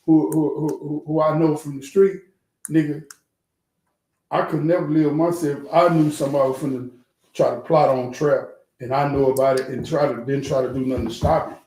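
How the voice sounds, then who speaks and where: Animated man talking in an echoey room. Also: fairly high pitch, brisk. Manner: animated storytelling, repeats words, heavy cursing. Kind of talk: casual street talk.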